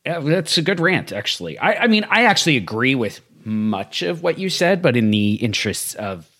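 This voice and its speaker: A man hosting a casual sports talk conversation, speaking in a measured, analytical way. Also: mid-range voice, very animated, pushed and bright.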